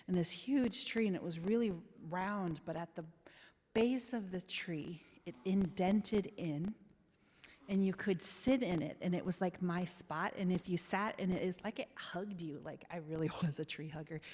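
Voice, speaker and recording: Low-voiced woman telling a story in a church. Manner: warm reminiscing storyteller, frequent soft laughs. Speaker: guest speaker. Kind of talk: storytelling sermon. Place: church sanctuary. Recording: church hall with long reverb.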